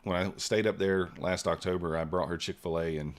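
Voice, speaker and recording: A man's voice: low-pitched, steady tone, a little fast. A man chatting casually on a live trading stream, rambling with lots of fillers and trailing off.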